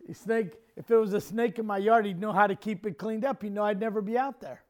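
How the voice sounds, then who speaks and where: A man's voice: sits high, fast, a little mellow. A man preaching a sermon, telling a homely story with a folksy, chuckling manner. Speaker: pastor.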